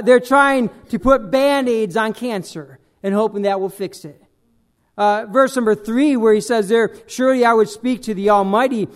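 High-pitched emphatic man preaching. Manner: emphatic, dramatizes scripture in character voices, many "uh" fillers and repeats. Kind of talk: expository sermon.

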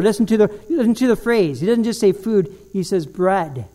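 Male pastor, animated sermon storyteller, voice pitched very high. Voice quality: animated storytelling, with slow, dramatic drops to a low voice.

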